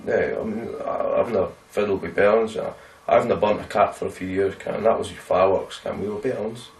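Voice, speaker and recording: Man as a low-voiced, crude Aberdeen ned, sweary and blunt; echoey room, distant mic. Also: a little fast, darkish tone, lightly acted. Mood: boasting. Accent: Aberdeen Scottish. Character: brash crude young male Aberdeen ned. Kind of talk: amateur sketch comedy.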